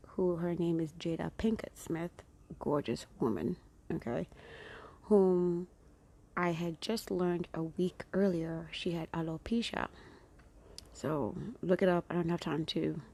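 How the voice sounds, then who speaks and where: A woman's voice: lowish voice, warm tone. A woman talking casually to her followers, chatty and rambling, often dropping into whispered asides. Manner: chatty and rambling, with playful greetings. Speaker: vlogger.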